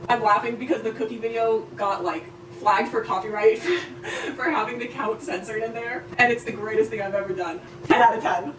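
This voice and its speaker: A man's voice: high-pitched, steady tone, normal speed, over music. A young man baking at home and chatting to camera in a rambling, self-mocking way, swearing freely. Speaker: baking vlogger. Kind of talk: casual solo vlog chat while baking. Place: home kitchen. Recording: roomy, distant, noisy home recording.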